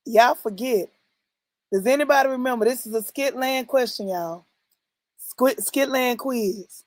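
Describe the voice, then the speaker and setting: A woman hosting a casual livestream, reacting to a skit and quizzing her viewers with lively exclamations. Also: medium pitch, no room sound. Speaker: livestream host reacting to skits. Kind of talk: casual reaction stream chat.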